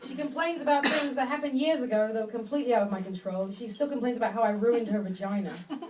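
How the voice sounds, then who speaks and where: A woman from England performing a stand-up comedy set in a small club, speaking in a dry, halting way with lots of fillers and restarts. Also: a little high, very noisy. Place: small club with a live audience. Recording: distant mic, loud crowd laughter. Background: audience laughing.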